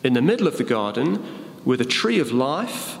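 A man's voice: medium pitch, big pitch swings, normal speed, gravelly. A man preaching a sermon, reading Bible verses and explaining them with fillers and a joke. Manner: expository, with fillers and a told joke. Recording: echoey hall with long reverb.

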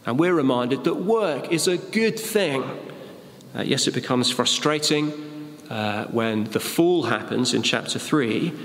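A man's voice: mid-range voice, a bit bright. A man preaching a sermon, reading Bible verses and explaining them with fillers and a joke. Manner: expository, with fillers and a told joke. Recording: echoey hall with long reverb.

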